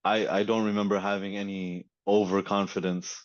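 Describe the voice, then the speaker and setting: Man, interview guest, relaxed, repeats himself, lowish voice, muffled lo-fi recording. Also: normal speed. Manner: relaxed, repeats words while recalling. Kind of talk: casual interview chat.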